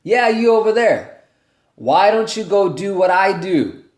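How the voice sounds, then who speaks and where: A man putting on the voice of a loud, confident male speaker calling someone out of a crowd, in an echoey room. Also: sits high, expressive, unhurried, pitched above the performer's own voice. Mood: commanding. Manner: loud, commanding.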